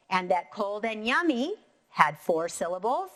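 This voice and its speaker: A woman teaching a recorded lesson to young students, talking clearly and patiently and counting syllables out slowly. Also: medium pitch, big pitch swings, fairly bright tone. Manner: clear, encouraging, slow and deliberate when counting syllables. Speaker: elementary school teacher.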